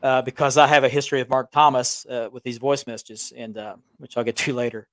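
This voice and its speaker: A man's voice: mid-range voice, level tone, fairly quick, a bit bright, no room sound. Man telling a long story, dry sound. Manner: rambling, frequent restarts and chuckles. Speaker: belt collecting show co-host. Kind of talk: casual storytelling chat. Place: small town home. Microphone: remote call with audio delay.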